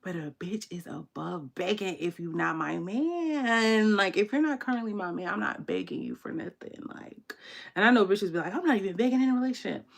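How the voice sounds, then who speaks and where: A woman's voice: medium pitch, moderate pace, creaky. A young woman, hosting a casual tarot livestream and telling candid stories with slang to her viewers. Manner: candid, animated storytelling with slang and laughter. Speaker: tarot reader and channel host.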